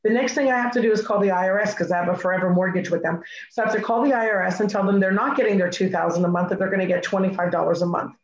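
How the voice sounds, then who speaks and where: A middle-aged woman speaking as a guest, telling a personal story in an animated way and acting out her own side of past conversations. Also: medium pitch, racing, a little hiss or hum. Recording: echoey, slightly muffled recording.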